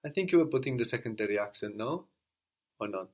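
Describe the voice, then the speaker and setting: A man's voice: mid-range voice, expressive, fast, a little mellow. A man teaching a language lesson, explaining points patiently and modeling phrases for a student to repeat.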